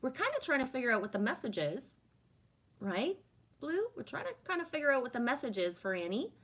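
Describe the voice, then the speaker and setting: A woman hosting a livestream who chats casually, reads viewer comments aloud and muses on spiritual topics, often adding "right?". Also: sits high. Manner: warm, affirming, spiritual musing with frequent "right?". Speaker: livestream host answering chat.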